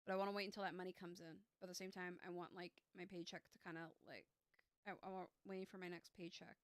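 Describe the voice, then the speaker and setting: A woman in her thirties reads tarot on a live stream, chatting in a rambling, self-teasing way with lots of fillers and false starts. She talks fast in a lowish voice with little pitch movement, and there's no echo.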